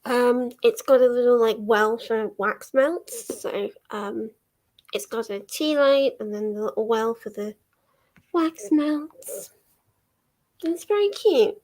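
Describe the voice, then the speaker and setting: A young Englishwoman, a book vlogger, hosts a reading sprint on livestream, chatting casually and rambling with lots of ums and little laughs. Her voice is fairly high and a little mellow, with a steady tone and a measured pace.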